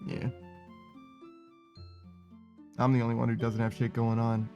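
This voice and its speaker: A man streaming a game, chatting casually with a friend, self-deprecating and quick to laugh. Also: mid-range voice, completely flat delivery, creaky, a little mellow, lo-fi sound, soft background music. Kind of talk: casual gaming stream chat.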